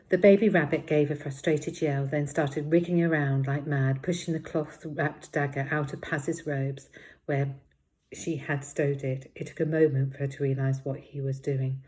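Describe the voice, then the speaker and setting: A woman reads a children's novel aloud, narrating in a steady, expressive way. Her voice sits low and deep for a woman. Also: normal speed. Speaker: storybook reader.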